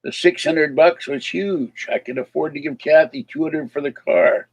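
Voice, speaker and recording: A livestream host with a slightly high, creaky voice talks at normal speed, rambling casually and chuckling at chat. Missing teeth give him a slight slur, and the audio quality is poor.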